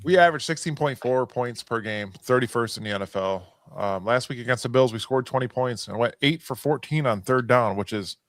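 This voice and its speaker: A man's voice: mid-range voice, fairly quick, hardly any pauses, fairly bright tone, no room sound. Joking man reading football stats. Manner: reads stats, jokes around. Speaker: podcast host. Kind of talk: casual sports chat.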